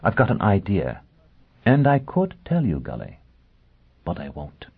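A proud, bitter young woman with a cutting, scornful tongue, as a male audiobook reader plays her. The voice sits very deep and sounds husky. It comes through thin and tinny, like a phone line. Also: wildly swooping pitch, unhurried, exaggerated voice. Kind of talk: audiobook character voice.

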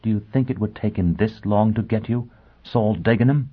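A man's voice: fairly low pitch, normal speed, slightly rough. A man reading a scornful, bitter woman. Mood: urgent. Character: bitter, proud young woman in a spy thriller. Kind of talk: audiobook character voice. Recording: tinny phone-like sound.

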